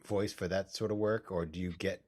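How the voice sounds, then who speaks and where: A man hosting an interview, asking stumbling questions in a casual, animated way. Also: deep voice, brisk. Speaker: interview host.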